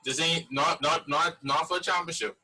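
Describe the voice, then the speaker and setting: A man's voice: fairly high pitch, fairly even intonation, normal speed, sharp tone, poor audio. A man co-hosting a casual sports podcast who restarts often and builds his argument step by step. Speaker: podcast co-host. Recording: husky voice from away from the mic.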